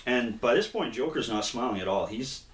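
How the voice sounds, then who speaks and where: A man co-hosting a casual comic review, retelling the story in an animated way and acting out the characters' lines. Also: mid-range voice, fairly quick. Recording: roomy, distant mic with faint noise.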